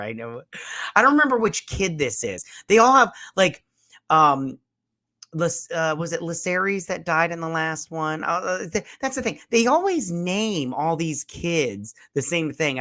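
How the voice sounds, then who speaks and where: A show host with a medium-pitched, bright, forceful voice gives a loose, profane, rambling recap of a TV episode. His casual commentary is full of fillers and restarts.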